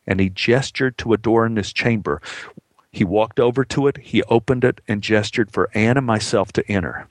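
A man tells a personal story in a measured, heartfelt way, his voice gravelly with a touch of fry. The sound is close and dry, with no room around it, and he slips into the people he quotes as he talks. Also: mid-range voice, no room sound.

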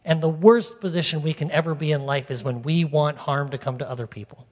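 A man preaching a sermon to his congregation in a lively, conversational way, asking them questions and drawing them in. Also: on the high side, fairly quick. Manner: animated, conversational, talks directly to the congregation. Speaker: pastor. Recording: long reverb of a large hall.

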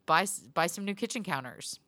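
A woman hosting a solo pep talk podcast, rambling and cursing casually, laughing between thoughts. Her voice sits a little low. The sound is dry and close. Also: animated, fairly quick, pushed and bright, dry recording. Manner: profane, rambling, laughs often. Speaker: podcast host.

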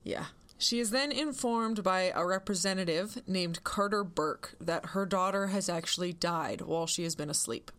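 A woman's voice: lowish voice, moderate pace, few pauses. Woman recapping a film on a podcast. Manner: relaxed, recapping plots in plain storytelling. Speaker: podcast co-host.

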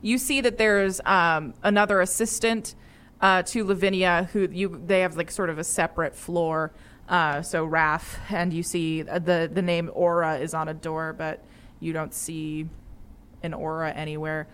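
A woman's voice: on the low side, level tone, a little slow, fairly bright tone, smooth. A young woman narrating a tabletop game as game master, rambling and playful with many fillers.

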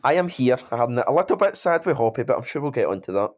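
A man joining a podcast over an online call, chatting in an excitable, playful way. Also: medium pitch, quick pace. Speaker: podcast co-host. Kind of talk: joking casual chat.

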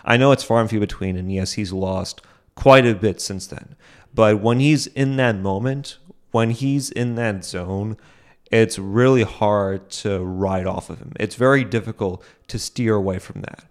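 A young man with a fairly low voice hosts his own solo podcast. He rambles through his thoughts, restarting sentences and leaning on fillers as he goes. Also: measured pace. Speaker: podcast host.

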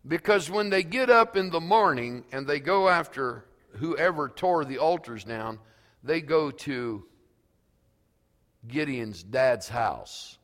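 Slow-preaching pastor, reverberant hall. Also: male voice, medium pitch, lively intonation, a bit bright. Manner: slow, emphatic preaching, reading scripture aloud. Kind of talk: sermon.

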